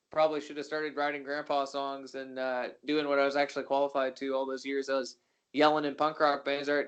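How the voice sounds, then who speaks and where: A man's voice: fairly high pitch, clean tone. A young adult man, a country musician, chatting as a guest in a casual interview, self-deprecating and rambling with many restarts. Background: loud guitar music.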